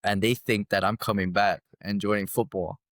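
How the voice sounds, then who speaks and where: A man guest on a podcast telling a personal story in a casual, animated way, often adding "right?". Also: lowish voice, moderate pace, no room sound, clean studio sound.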